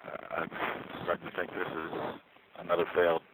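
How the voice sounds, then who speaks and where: A man's voice: deep voice, monotone, moderate pace. A man at a street payphone making a rambling, self-mocking sound check through the handset. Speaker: field recordist. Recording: static-laden payphone line with street noise. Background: traffic, car alarm, subway.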